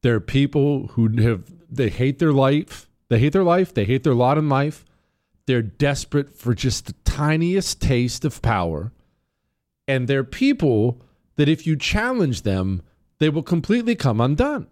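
A man's voice: medium pitch, big pitch swings, unhurried, darkish tone. A middle-aged man telling a defiant, rambling story as a podcast guest in casual storytelling.

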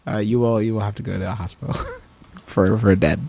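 A man's voice: fairly low pitch, steady tone, fairly quick, a little mellow. A man co-hosting a comedic advice podcast, riffing playfully with mock-formal phrasing. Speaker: podcast co-host.

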